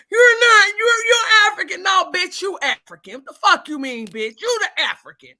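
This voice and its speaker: A woman hosting a live chat, cursing heavily and ranting angrily, at times breaking into shouts. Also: high-pitched. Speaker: livestream host. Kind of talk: profane angry ranting chat.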